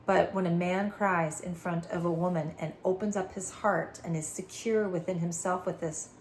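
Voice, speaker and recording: A woman spiritual healer giving a channeled message, earnest and soft-spoken, with repeated affirmations that often drop to a quiet hush. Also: lowish voice, fairly even intonation, normal speed, few pauses, slight background noise.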